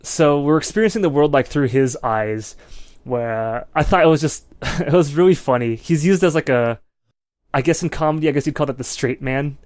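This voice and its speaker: A man's voice: a little high, moderate pace, darkish tone, no echo, clean studio sound. Rambling male podcast co-host. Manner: rambling, heavy use of "like" and "you know". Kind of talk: casual film review chat.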